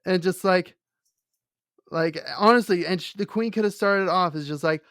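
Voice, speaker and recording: A man's voice: high-pitched, normal speed, a bit bright, dry recording, studio quality. A man co-hosting a casual chat, talking in a rambling way with many fillers and restarts. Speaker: podcast co-host.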